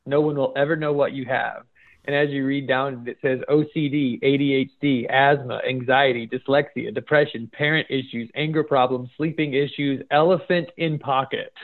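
Laughing man on a tinny line. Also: medium pitch. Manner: laughs often, reads posts aloud. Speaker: podcast host. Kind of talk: casual chat reading posts aloud. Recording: phone-like narrow sound.

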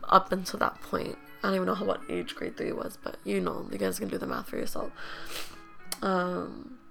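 A young woman talks through her own story as a podcast host, candid and loose, with fillers everywhere. Her mid-pitched voice is thick with gravelly fry. Faint music sits in the background. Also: a bit bright. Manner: candid, rambling, heavy use of "like" and fillers. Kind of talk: personal storytelling.

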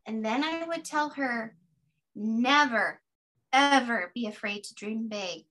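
A woman in her fifties, a podcast guest, sharing a personal practice in an earnest, gently guiding way. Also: fairly high pitch. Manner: earnest, gently guiding, slow deliberate affirmations.

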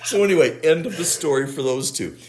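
A man co-hosting a podcast, retelling an episode's plot in a casual, animated way and laughing as he goes. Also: fairly high pitch, brisk, slight background noise. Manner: animated storyteller, laughs while retelling plots. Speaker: podcast co-host. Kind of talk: casual episode recap chat.

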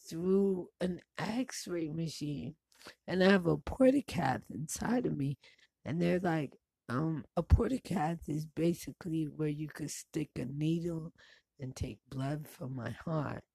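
This vlogger, a woman in her forties, takes it slowly, her low, gravelly voice carrying a warm tone. Talking casually and bluntly to the camera, she swears freely and laughs between stories, with no echo in the recording.

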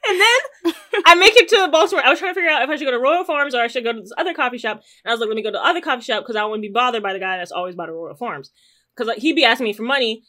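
A woman, casually telling a podcast story, animated and swearing freely, jumping into loud high squeals when she quotes herself. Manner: swears freely, quick asides. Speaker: podcast co-host.

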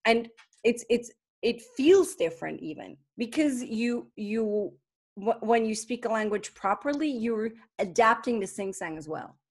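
A woman in casual conversation as a guest, talking in a lively way and often restarting her sentences. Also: a little high, unhurried, slightly rough.

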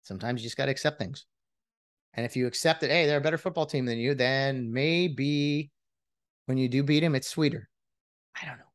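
A man's voice: mid-range voice, brisk. A man in a casual sports rant, exasperated and mocking, often restarting his sentences as he vents as a fan. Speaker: sports commentator venting as a fan.

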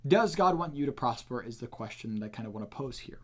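A man's voice: medium pitch, expressive, fast. Earnest man teaching on a podcast. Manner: earnest, emphatic, with restarts. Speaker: podcast host teaching the Bible. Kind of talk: casual teaching chat.

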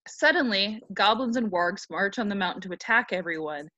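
A woman's voice: medium pitch, lively intonation, a little fast, pushed and bright, no echo, lo-fi sound. A woman co-hosting a podcast, retelling a story in a joking, irreverent, swearing way. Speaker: podcast co-host. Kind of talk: casual chat with profanity.

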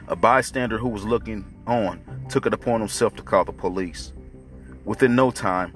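Deep-voiced male storyteller. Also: fairly bright tone. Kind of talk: scripted narration.

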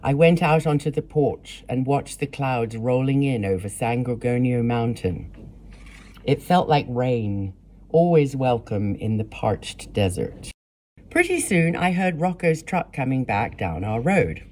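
Low, mellow woman reading her memoir. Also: expressive, slight background noise. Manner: measured, plain storytelling with blunt profanity in quotes. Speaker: memoir narrator. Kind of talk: first-person memoir reading.

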